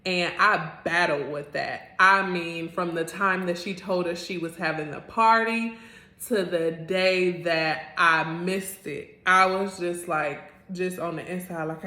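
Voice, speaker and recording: A woman in her thirties telling an earnest personal story as a vlogger, animated and full of "like" fillers. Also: lowish voice, slow. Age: 30s. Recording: roomy echo.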